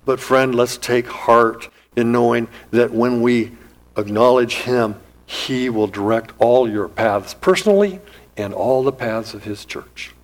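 A man's voice: mid-range voice, unhurried, poor audio. A man preaching a sermon in an earnest, emphatic style, his voice rising and dropping as he speaks. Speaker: pastor.

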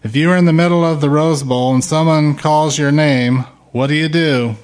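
A middle-aged man preaching a sermon, slow and emphatic, rising loud when he quotes a shout. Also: on the high side, fairly even intonation, clear, resonant tone. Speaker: pastor.

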